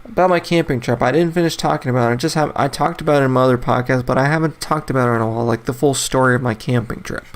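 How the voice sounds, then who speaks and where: A man's voice: mid-range voice, rapid-fire, few pauses. A young man in his twenties talks alone on his casual podcast. He rambles loosely, stacks up fillers and false starts, and laughs often between thoughts. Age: 20s. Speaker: podcast host. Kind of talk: casual solo podcast monologue.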